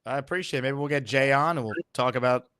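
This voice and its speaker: A man's voice: mid-range voice, fast talker, a bit bright, clear, resonant tone, no room sound. Dry-voiced male sports radio host. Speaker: sports talk show host. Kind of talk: casual call-in show chat.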